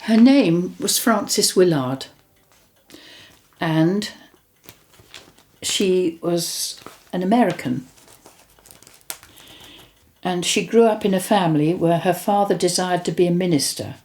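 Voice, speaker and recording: A woman's voice: fairly low pitch, slow, long pauses, darkish tone. An older woman with a chatty, rambling way of telling stories about her spiritual experiences, often correcting herself. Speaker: host recounting spiritual experiences. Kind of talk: casual storytelling and reading aloud.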